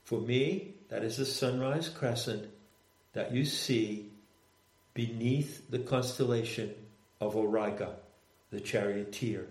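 An older man, a guest on the talk, recounting a spiritual experience in a measured, deliberate way. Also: mid-range voice, darkish tone. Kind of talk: reflective conversational storytelling. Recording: roomy echo.

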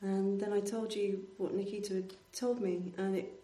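A woman speaks in an animated, emotional way as she tells an anecdote. Her voice sits at a middle pitch. She is set back from the mic in a roomy, echoing space. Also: moderate pace. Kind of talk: casual conversational storytelling. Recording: roomy echo, distant from mic.

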